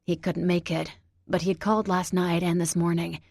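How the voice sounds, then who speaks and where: A woman with a husky voice narrating a first-person audiobook in a steady, measured way. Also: lowish voice, no room sound, studio quality.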